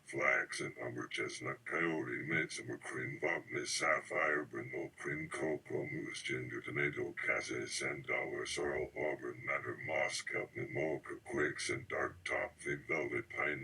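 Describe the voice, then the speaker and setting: A man hosting a live stream, reciting a long list of single words in a measured, list-like cadence with a pause after each one. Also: extremely low pitch, gravelly, sharp tone, slightly rough, poor audio.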